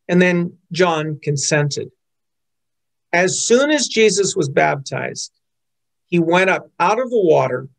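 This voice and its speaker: A man's voice: fairly high pitch, expressive, slow, vocal fry. A man in his fifties giving an earnest, storytelling sermon as pastor. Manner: earnest, storytelling, quotes others in changed voices.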